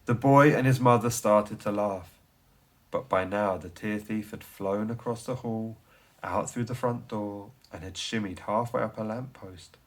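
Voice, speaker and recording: Lively man reading a children's story. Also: lowish voice, unhurried, a little hiss or hum. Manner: animated, swings from hushed to loud and excited.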